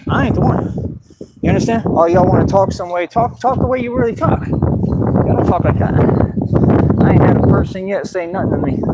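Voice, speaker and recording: A man rants defiantly at his viewers, repeating himself and calling them out. His voice sits a little high for a man. Loud background noise runs under the whole recording. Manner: defiant, repetitive, addresses viewers as y'all. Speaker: vlogger. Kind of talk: direct-to-camera rant.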